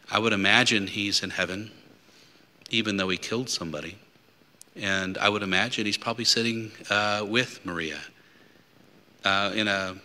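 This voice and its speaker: A man's voice: on the low side, pushed and bright. A man preaching as a deacon at a Lenten mission, talking conversationally with asides and hypothetical stories. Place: church. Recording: long church reverb.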